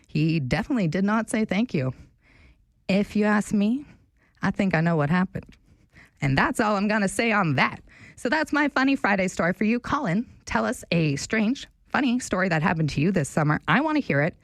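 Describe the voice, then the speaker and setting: A young woman hosting a talk radio show, telling a story in a chatty, animated way. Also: mid-range voice, no room sound. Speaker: radio show fill-in host. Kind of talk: casual talk radio chat.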